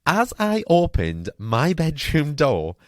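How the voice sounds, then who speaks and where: A man from Newcastle, hosting a podcast and telling a story in a chatty, animated way with lots of fillers. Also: fairly high pitch, slow, dry recording, studio quality. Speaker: podcast host. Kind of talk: casual storytelling monologue.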